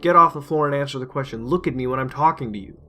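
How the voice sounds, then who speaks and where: A man voicing a furious, abusive middle-aged mother who shouts and scolds harshly. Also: fairly high pitch, animated, quick pace, faint music behind, voice pushed up. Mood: furious scolding.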